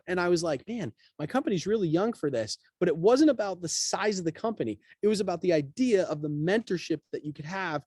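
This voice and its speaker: Man, podcast guest, rapid animated storytelling, acted-out quotes, dry studio mic. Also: high-pitched, husky, no echo. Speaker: guest, real estate broker. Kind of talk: casual storytelling interview.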